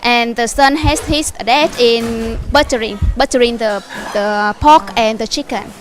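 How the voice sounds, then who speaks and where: A woman, a local food tour guide explaining a dish on camera, halting and full of fillers and restarts. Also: a little high, soft background music.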